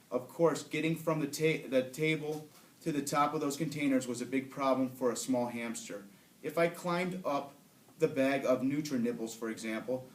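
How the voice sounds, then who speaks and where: A man, a teacher, reading a children's chapter book aloud in an unhurried storytelling way with small slips, recorded in a school room. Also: medium pitch, darkish tone, far from the mic. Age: adult. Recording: roomy echo.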